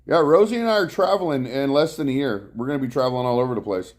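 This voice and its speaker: A man's voice: medium pitch, fast, a little mellow. A man hosts a laid-back live stream from his couch at home. He greets viewers one by one and drifts from topic to topic in easy, rambling chat. His voice comes through a clip-on mic. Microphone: clip-on mic worn from bike riding.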